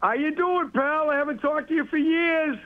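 Boston caller on a tinny phone line. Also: male voice, very high voice, moderate pace. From Boston area. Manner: chummy, repeats himself, calls the host "pal" and "buddy".

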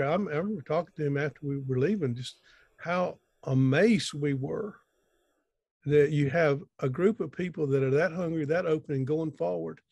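A man's voice: fairly high pitch, vocal fry, a little mellow, slightly rough, no room sound. Folksy middle-aged man on a video call. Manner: folksy, rambling, frequent restarts. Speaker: conference speaker. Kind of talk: informal sermon-style talk.

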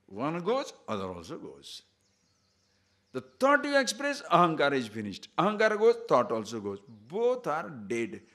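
A man giving a spiritual discourse, telling a fable in an animated way and checking in with his listeners as he goes. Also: lowish voice. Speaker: spiritual teacher.

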